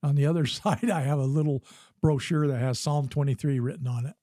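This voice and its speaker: A man's voice: a little high, fairly even intonation, a little fast, warm tone, no echo. Older man telling a story, dry close sound. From United States. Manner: earnest storytelling with frequent restarts. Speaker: podcast guest, former combat physician. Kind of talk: storytelling interview.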